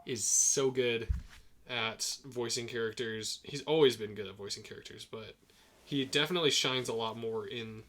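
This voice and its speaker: A man's voice: medium pitch, normal speed, sharp tone. A young man co-hosting a casual podcast, chatty and enthusiastic about cartoon films. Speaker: podcast co-host.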